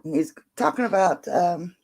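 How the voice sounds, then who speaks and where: A woman's voice: lowish voice, expressive, measured pace, mellow, a little hiss or hum. An older woman hosting a late-night casual livestream, rambling as she reads out viewer comments and talks to her dog in between. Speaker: livestream host.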